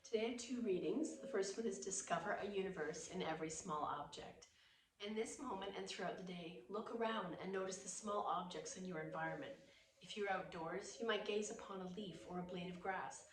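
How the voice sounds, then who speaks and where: A woman with a hoarse voice, reading reflections to a yoga class in a calm, gentle way. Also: medium pitch, a little fast. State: hoarse, losing her voice. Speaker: yoga teacher. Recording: roomy echo, distant mic, faint background noise.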